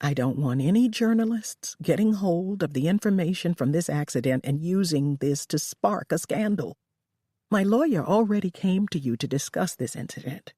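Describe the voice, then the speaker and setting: The narrator voicing a wealthy, cornered woman who speaks in a tense, sharp, demanding way. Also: mid-range voice, lively intonation, normal speed, no echo, studio quality, natural voice.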